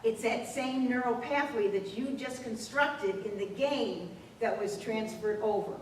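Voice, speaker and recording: A woman presenting at a workshop, telling school anecdotes with animated storytelling and acting out the dialogue. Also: on the high side, unhurried. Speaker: school administrator presenting a program. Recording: echoey room, distant mic, faint noise.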